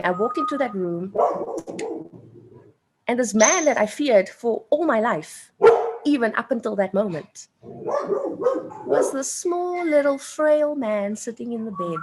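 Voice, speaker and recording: There's a noisy background as a woman with a slightly high voice speaks. Aged late thirties or older and South African-accented, she's a guest in an interview, telling a personal story with earnest emotion and repeating phrases for emphasis.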